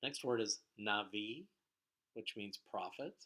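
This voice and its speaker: A man teaching biblical Hebrew vocabulary in a recorded lecture, patient and explanatory, with frequent filler sounds and phrases that trail off quietly. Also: on the low side, takes it slowly.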